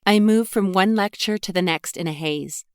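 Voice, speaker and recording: Clear-voiced female audiobook narrator. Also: medium pitch, normal speed, no room sound, clean studio sound. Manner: even, conversational storytelling. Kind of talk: first-person audiobook narration.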